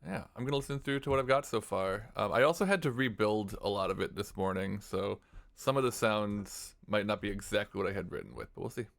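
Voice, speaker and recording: A man streaming while he composes, thinking aloud in a relaxed way and now and then scatting a melody. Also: on the low side, a little fast, gravelly. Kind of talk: casual livestream talk. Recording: faint music under voice.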